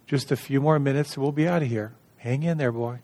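A man voicing an elderly grandfather who soothes a child in a steady, controlled way. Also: mid-range voice, a little fast, close to an everyday voice. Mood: calm, soothing. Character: calm patient elderly grandfather.

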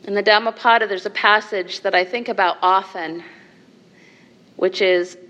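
A woman teaching as a meditation leader, giving a dharma talk to a group in a measured way, with soft laughs and asides of "right?". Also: medium pitch, fairly even intonation, lo-fi sound.

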